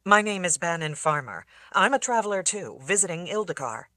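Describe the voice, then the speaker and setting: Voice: medium pitch, big pitch swings, fairly quick, bright, forceful tone, no room sound. An audiobook reader voicing an earnest young traveler who talks in a reassuring, kind-hearted way. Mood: steady. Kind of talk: audiobook character voice.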